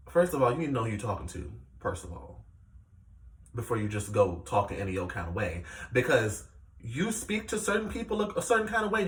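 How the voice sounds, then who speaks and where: A man giving a casual, animated recap of a reality show, with plenty of fillers as he retells the scenes. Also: fairly high pitch. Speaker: reality TV reviewer. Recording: echoey room, distant mic.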